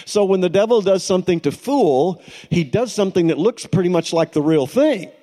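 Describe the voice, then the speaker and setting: A middle-aged male pastor delivers a sermon in a relaxed, conversational storytelling manner, breaking now and then into light laughter. His voice sits a little high for a man and sounds warm and mellow. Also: normal speed.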